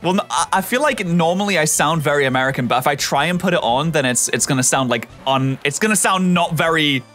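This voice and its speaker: Bright-voiced man, deadpan. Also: on the high side, quick pace, soft background music. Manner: dry, deadpan teasing. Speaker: gaming channel host. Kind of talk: casual gaming chat.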